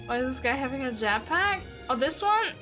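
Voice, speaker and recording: Excitable high-voiced woman streamer. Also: fairly quick, soft background music. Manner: excitable, swears casually, laughs often. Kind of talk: casual gaming livestream.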